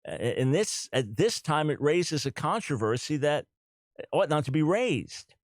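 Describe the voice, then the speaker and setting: A man's voice: a little high, very animated, a little slow, dry recording. A middle-aged man hosting a talk radio show, speaking earnestly and emphatically, repeating his key points.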